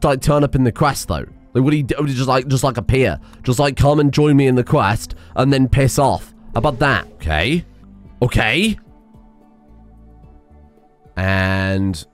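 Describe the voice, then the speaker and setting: A man giving casual, sarcastic commentary over his own gameplay, swearing and laughing as he talks. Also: medium pitch. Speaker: gaming video creator.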